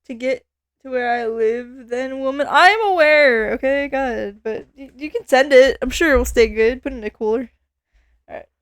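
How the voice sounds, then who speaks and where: A woman's voice: sits high, normal speed, smooth. A woman chatting casually while she streams a game, reacting aloud as she plays. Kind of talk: casual let's-play commentary. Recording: loud game music behind.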